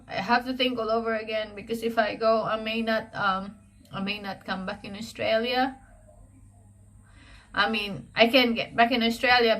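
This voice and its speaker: A woman from the Philippines with a Filipino accent, recording a personal video diary at home, emotional and close to tears, speaking haltingly with many fillers and restarts. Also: on the high side, fairly bright tone. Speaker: vlogger.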